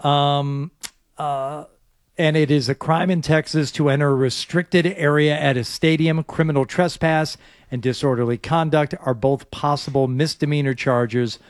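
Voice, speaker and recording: A man's voice: fairly high pitch, steady tone, normal speed, no echo. A male sports radio co-host reading sports items in casual studio talk, sometimes stumbling at the start.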